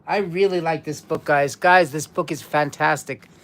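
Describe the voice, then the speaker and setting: A woman with a low-pitched, steady voice hosts a casual trivia quiz on a live stream at a moderate pace. She's chatty and repeats herself as she talks to viewers.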